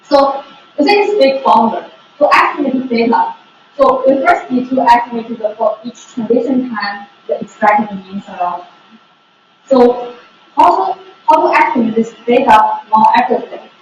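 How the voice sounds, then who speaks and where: A woman's voice: on the high side, expressive, normal speed. A woman giving the methods part of an academic conference talk, explaining carefully step by step. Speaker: researcher presenting. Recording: echoey room, distant dull mic, faint noise.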